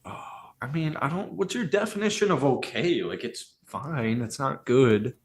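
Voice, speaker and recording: A young man joins by call as co-host, giving dry, blunt answers in a plain mid-range voice. He keeps the chat low-key. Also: animated, moderate pace. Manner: dry, blunt short replies. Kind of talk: casual chat.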